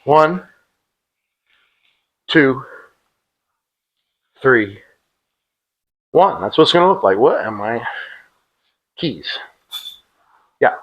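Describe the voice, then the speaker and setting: A man's voice: medium pitch, big pitch swings, very slow, pauses often, muffled recording. A middle-aged man leading a workout drill in a casual, joking way, calling out cadence counts with a clip-on mic. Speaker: fitness instructor. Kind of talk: demonstrating an exercise drill.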